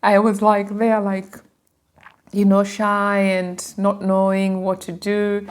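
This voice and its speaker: A woman's voice: mid-range voice, slow pace. A woman in her thirties from Kenya with a Kenyan accent, telling her life story in a casual, emotional way to her viewers. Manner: animated, emotional, addresses viewers as guys.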